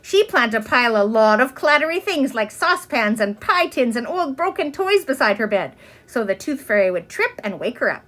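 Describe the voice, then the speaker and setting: A woman reading a children's chapter book aloud, expressive from line to line. Her voice sits a little high and moves up and down with lively melody. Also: moderate pace. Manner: expressive, with many pitch swings. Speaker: reader.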